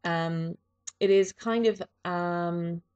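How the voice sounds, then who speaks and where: A woman vlogger from Dublin, Ireland, speaks with an East Coast Irish accent, chatting casually and reading out a word list with dry humour and frequent ums. Her voice is fairly low, a little mellow, and clean-toned, with drawn-out words, though the audio sounds dull.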